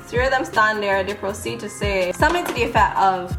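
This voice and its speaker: A woman in her twenties telling a story casually in an animated, chatty vlog, doing makeup as she talks. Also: mid-range voice, fast talker, hardly any pauses. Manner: applying makeup while talking. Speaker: beauty vlogger. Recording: roomy room with background music.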